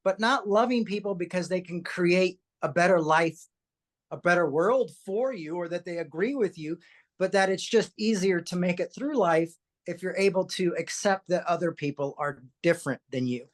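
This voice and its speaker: Podcast host, lively storyteller, casual and chatty, stumbles and repeats words. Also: medium pitch, normal speed. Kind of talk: podcast conversation, personal storytelling.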